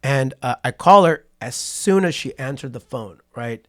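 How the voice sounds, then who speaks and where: A man in his forties, from Patterson, California, speaks at a moderate pace in a medium-pitched voice. He's a podcast guest telling a story in a casual interview, an animated narrator who acts out quotes and keeps asking "right?"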